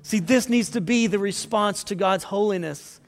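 A man's voice: high-pitched, normal speed. A man preaching a sermon as pastor, earnest and building to fervent appeals. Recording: long hall reverb.

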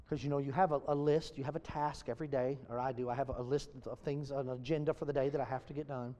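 A high-strung man preaching a sermon to a congregation, swinging from loud bursts to hushed, near-whispered lines. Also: steady tone, quick pace, hardly any pauses, big-room sound.

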